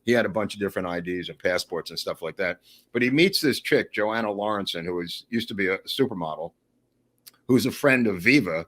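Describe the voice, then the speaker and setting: A man chatting as a podcast guest, telling animated, rambling stories to the host. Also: lowish voice. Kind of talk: casual storytelling.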